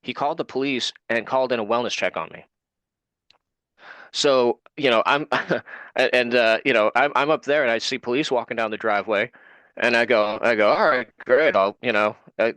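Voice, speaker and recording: A man, speaking as an interview guest and telling a story at ordinary pitch. He acts out what others said as he goes, and the voice sounds dry and close. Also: fairly quick, pushed and bright, no room sound. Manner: retells events with quoted dialogue.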